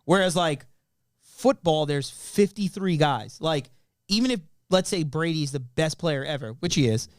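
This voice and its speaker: A young man talks sports on a podcast. He tells stories in a lively, animated way. The sound is dry and close to the mic. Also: on the high side, a little slow, no echo. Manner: animated, storytelling, retells skits with quoted voices. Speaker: podcast co-host. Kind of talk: casual chat.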